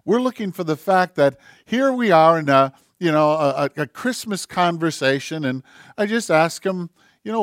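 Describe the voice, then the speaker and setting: A man preaching a sermon as pastor, impassioned, swinging from loud emphasis down to near-whispers. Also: fairly high pitch, animated, moderate pace, no room sound, studio quality.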